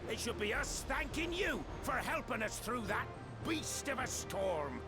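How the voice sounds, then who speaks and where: A boisterous high-voiced sailor. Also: male voice, big pitch swings, measured pace, soft background music, full character voice. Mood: hearty. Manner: boisterous, loud, folksy grammar. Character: hearty rough-spoken male ship's sailor. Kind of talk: video game voice acting.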